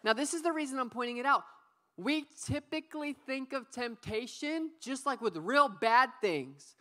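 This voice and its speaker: A young adult woman giving a youth sermon, playful and lively, calling on the audience to repeat words back. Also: sits high, normal speed. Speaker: youth pastor. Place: church youth service.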